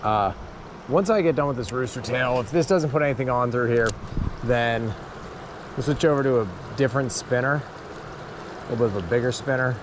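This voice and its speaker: A man fishing on a river, giving excited commentary to the camera and exclaiming over and over. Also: mid-range voice, normal speed, pauses often, background noise. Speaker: fishing vlogger. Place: outdoors by a river.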